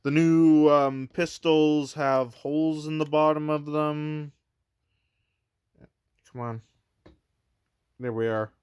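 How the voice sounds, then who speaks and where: A man talks through his toy haul at home in a casual, rambling way. His voice is smooth and clear, and he speaks slowly. He stops and restarts often, filling the gaps with uh and um. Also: a little high, steady tone, darkish tone. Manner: rambling, hesitant, with many fillers and restarts. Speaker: toy collector reviewer. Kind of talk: casual unboxing review.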